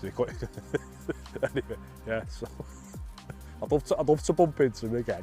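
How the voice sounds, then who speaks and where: A man's voice: mid-range voice, moderate pace, long pauses, mellow, faint music behind. A man, a bus driver, telling a story casually, laughing often and restarting his sentences in a self-deprecating way.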